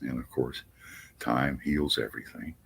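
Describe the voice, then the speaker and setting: A man hosting a live astrology chat stream, talking haltingly with many restarts and reading viewer messages aloud. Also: rumbling low, fairly even intonation, vocal fry, fairly bright tone, a little hiss or hum. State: out of breath.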